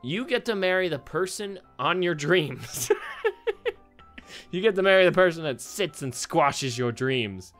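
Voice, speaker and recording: Animated young man thinking aloud. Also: on the high side, normal speed, hardly any pauses. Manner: rambling, laughs often, thinks aloud. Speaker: gaming YouTuber. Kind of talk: casual commentary on a web quiz game. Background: faint background music.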